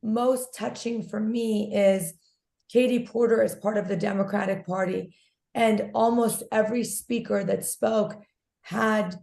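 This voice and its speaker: Hoarse, gravelly woman on a video call. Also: mid-range voice, unhurried. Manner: excited, talkative, effusive. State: hoarse from screaming at a protest. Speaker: guest activist. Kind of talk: casual interview. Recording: echoey room on a call.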